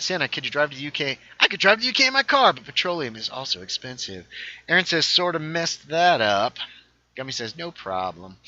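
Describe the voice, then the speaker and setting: A man's voice: mid-range voice, sharp tone, highs cut off. A man hosting a casual gaming livestream, thinking aloud as he builds and reading viewer chat aloud. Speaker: livestream host.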